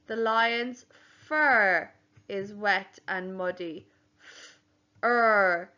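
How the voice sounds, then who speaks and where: A slow, deliberate woman teaching spelling to young children, sounding out each word letter by letter. Her voice sits a little high, and the home recording sounds dull and lo-fi. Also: steady tone, sharp tone. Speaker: primary school teacher. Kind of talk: home learning spelling lesson.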